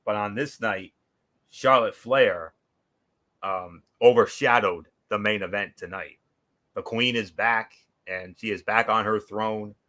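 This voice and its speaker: Young male recap host, lowish bright voice, excitable, stumbles and repeats words. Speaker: wrestling show recap host. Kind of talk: casual show recap.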